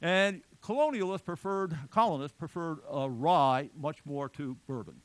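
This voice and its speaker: A man's voice: fairly high pitch, unhurried, no echo. A middle-aged man giving a public lecture in a chatty, digressive way with joking asides.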